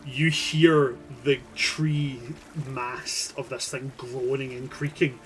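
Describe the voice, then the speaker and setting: A man's voice: mid-range voice, steady tone, slow pace. A man narrating as game master in a loose, rambling way, with casual swearing.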